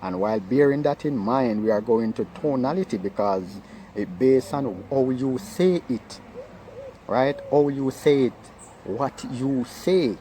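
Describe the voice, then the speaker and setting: A man's voice: medium pitch, unhurried, dark tone, slight background noise, low-quality recording. A man giving informal advice on marriage, talking earnestly and repeating himself, often checking in with "right?". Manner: earnest, repetitive, keeps asking "right?". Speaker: relationship speaker.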